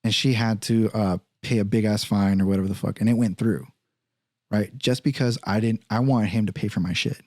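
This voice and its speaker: Recorded dry in clean studio sound, a man whose voice sits on the low side hosts a podcast and talks briskly. His storytelling is casual, profane and animated, and he performs other people's words in character.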